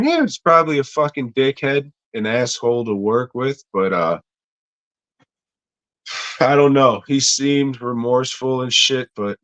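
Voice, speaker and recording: Slow, low-voiced profane podcast co-host. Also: male voice, fairly bright tone, no room sound. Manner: profane, rambling, frequent fillers. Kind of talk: casual podcast chat.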